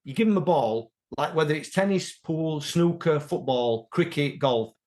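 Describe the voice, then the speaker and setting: A man, an interview guest and martial artist, talking casually and telling animated stories from his past. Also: fairly high pitch, normal speed. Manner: animated storyteller, acts out quoted voices. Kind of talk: casual conversational storytelling.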